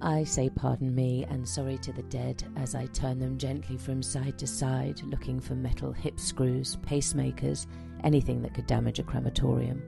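A hospital doctor narrating a documentary in a quiet, measured way. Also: medium pitch, level tone, creaky, over music.

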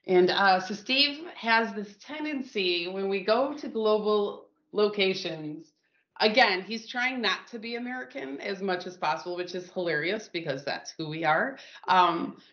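A woman telling a story with lively, laughing energy, acting out bits of dialogue. Her voice sits in a middle range. The recording sounds roomy and a bit dull. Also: mid-range voice. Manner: lively, laughing storyteller who acts out quotes. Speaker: communications consultant guest. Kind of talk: casual storytelling.

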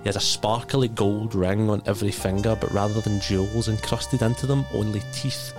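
A low-voiced man who narrates a tabletop game as game master. He describes the scenes in a relaxed way and keeps pausing on fillers. Faint music plays behind him. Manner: relaxed, hesitant with many fillers.

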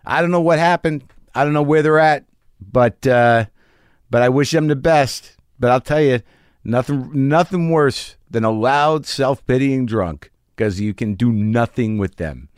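Male comedian, rural Missouri, animated podcast storyteller, quick and stumbling, dry close mic. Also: mid-range voice, clean tone, no room sound. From rural Missouri, United States. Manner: animated, acts out the people in his stories; rapid, with many restarts and repeated words. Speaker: comedian guest. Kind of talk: casual storytelling in a podcast interview.

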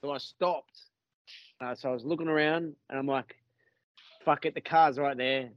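A man's voice: medium pitch, fairly even intonation, normal speed, no echo, highs cut off. A man with an Australian accent telling a story in a casual podcast chat, rambling and swearing with many restarts.

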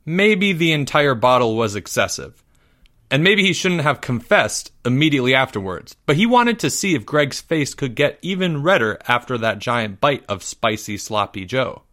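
A male podcast host reading a story aloud, steady and even in his delivery. His voice sits at a middling pitch, neither high nor low. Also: normal speed.

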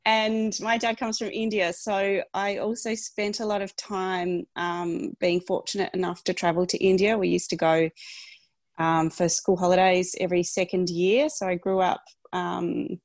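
An Australian woman in her thirties talks reflectively as a podcast guest, her voice sitting a bit low. The sound is dry and close, recorded remotely online. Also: a little mellow, no echo. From Tasmania, Australia. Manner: reflective, thoughtful storytelling. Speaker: guest, lawyer. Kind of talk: casual podcast interview.

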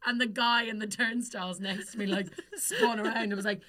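Irish woman, young adult, podcast co-host, casual, sweary, bright tone. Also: mid-range voice, steady tone. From Ireland. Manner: chatty, sweary storytelling, quick laughs. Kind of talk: casual chat.

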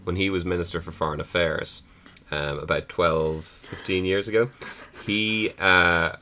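A man's voice: deep voice, fairly even intonation, measured pace, bright, forceful tone, a little hiss or hum. A man with an Irish accent in casual chat, wry and outspoken. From Ireland.

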